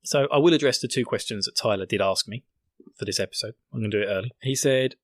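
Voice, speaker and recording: A man's voice: mid-range voice, fast, dry recording. A young British man hosting a podcast, joking and rambling as he recaps an episode and acts out characters' lines in silly voices. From Britain. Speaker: podcast host. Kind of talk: solo recap podcast chat.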